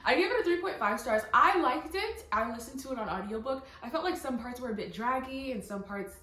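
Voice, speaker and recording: A young woman vlogger reviewing books in casual, excited chat, full of fillers and quoted asides. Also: a little high, fairly quick. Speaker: book vlogger. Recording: echoey room, faint music.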